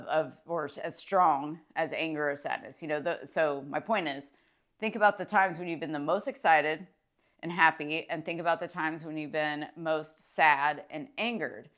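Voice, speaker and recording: A woman with a deep yet slightly bright voice, a licensed clinical social worker who vlogs about mindset, speaks casually and enthusiastically to camera. Her motivational talk rambles, with fillers and restarts.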